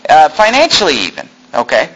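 Animated, high-voiced male preacher. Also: brisk, highs cut off, slight background noise. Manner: animated, folksy preaching with asides and self-deprecating humor. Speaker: pastor. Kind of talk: sermon.

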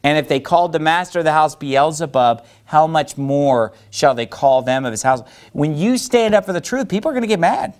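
Man preaching with animated growls. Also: a little high, brisk, hardly any pauses. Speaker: pastor. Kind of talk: sermon.

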